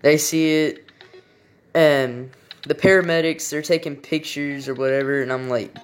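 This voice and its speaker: A man's voice: medium pitch, steady tone, normal speed, faint music behind. A young man casually telling a personal story, rambling and swearing, with frequent restarts and fillers.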